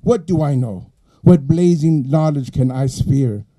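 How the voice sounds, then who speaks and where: A middle-aged man with an East Los Angeles Chicano accent, a poet at a live reading who speaks softly between poems and declaims his verse in strong rhythm. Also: a little high. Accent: East Los Angeles Chicano English. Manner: soft and halting when chatting, rising to forceful rhythmic declaiming in the poem.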